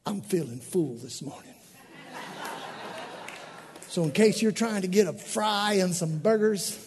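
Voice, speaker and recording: Male pastor, high and animated, preaching in a church with long reverb. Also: a little slow. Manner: animated preaching with bursts of shouting. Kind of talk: sermon.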